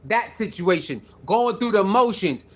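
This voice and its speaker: A vlogger giving casual sports commentary to camera, animated and repetitive, firing rhetorical questions at viewers and laughing between points. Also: medium pitch, a little slow.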